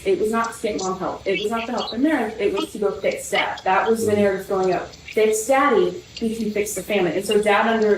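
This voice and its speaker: Young woman, roomy and distant. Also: medium pitch. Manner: rambling, many fillers and restarts. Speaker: guest telling family story. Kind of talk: personal testimony. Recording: roomy, distant from the mic, faint noise.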